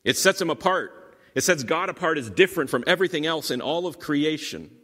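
Animated and brisk, a pastor with a slightly high, fairly bright voice teaches from scripture in his sermon. He stresses points again and again, adds dry asides, and his words ring with long hall reverb.

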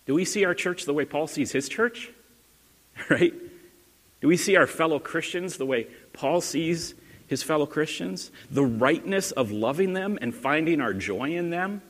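A man's voice: a little high, lively intonation, unhurried. A male pastor giving a sermon in an earnest, conversational way, asking his listeners questions. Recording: long hall reverb.

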